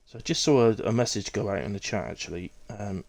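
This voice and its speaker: A man's voice: lowish voice, quick pace, gravelly, darkish tone. Chatty Bristolian man streaming. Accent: Bristolian English. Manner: chatty, rambling, with frequent ums and self-corrections. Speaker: sim racing league streamer. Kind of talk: casual live-stream commentary.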